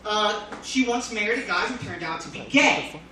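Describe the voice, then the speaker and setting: A man performing a casual stand-up comedy set, talking loosely with many fillers and sudden loud jumps, recorded from far off on a phone in a comedy club. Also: high-pitched, animated, moderate pace, very echoey, a little hiss or hum. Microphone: phone filming from the audience.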